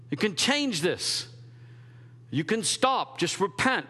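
A man preaching a sermon in an animated, conversational way, slipping into quick acted asides. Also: high voice, slightly rough, in a large hall. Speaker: pastor.

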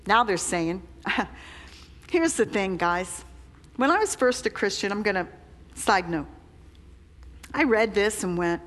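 A woman preaching a sermon, reading scripture aloud and adding her own commentary, sometimes dropping almost to a whisper. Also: medium pitch. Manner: slow, deliberate, drops to a near whisper when confessing. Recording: long hall reverb.

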